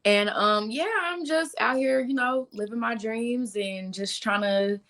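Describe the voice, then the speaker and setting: A woman in her twenties, a singer, answering interview questions in a relaxed, easygoing way. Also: fairly high pitch, measured pace. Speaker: guest singer.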